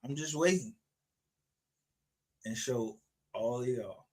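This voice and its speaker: A man's voice: medium pitch, takes it slowly. A man ranting aggressively on a livestream, confrontational and full of profanity. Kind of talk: angry livestream rant.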